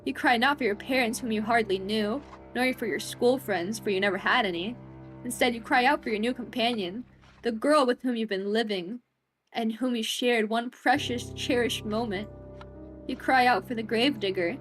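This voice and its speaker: A woman with a fairly high voice reads a horror visual novel aloud on stream, giving the narration a dramatic lilt and then cutting in with frightened, joking asides. Soft game music plays faintly behind her. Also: normal speed. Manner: dramatic read-aloud broken by scared, jokey outbursts.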